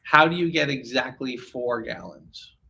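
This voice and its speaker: A man's voice: medium pitch, a little slow, vocal fry, sharp tone, slight background noise, rough recording. A man leading a casual classroom discussion who poses a puzzle and patiently restates it step by step.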